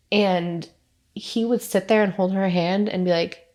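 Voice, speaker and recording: A woman's voice: mid-range voice, normal speed. Proud mother speaking heartfelt. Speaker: mother of guests. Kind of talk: interview answer.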